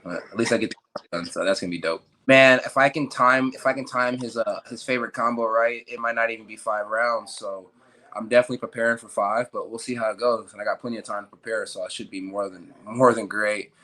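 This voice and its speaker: A man's voice: lowish voice, fairly even intonation, quick pace, bright, forceful tone. A young man, a professional fighter, giving laid-back, joking interview answers full of fillers.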